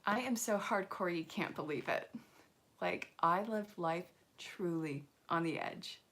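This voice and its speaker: A woman's voice: lowish voice, a little slow, a bit bright, slight background noise. A young woman doing a live angel card reading in a casual, chatty way, mixing guidance with playful jokes. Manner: playful, joking asides and frequent laughs.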